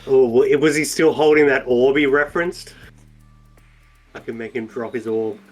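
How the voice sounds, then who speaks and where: A man playing in a tabletop game, chatting casually with quick, joking banter. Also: mid-range voice, steady tone, soft background music. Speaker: player.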